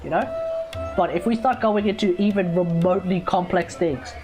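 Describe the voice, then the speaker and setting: A woman's voice: lowish voice, normal speed. An Australian woman streaming games, chatting casually and rambling, often correcting herself. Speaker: gaming streamer. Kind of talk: casual live stream chat. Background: background music.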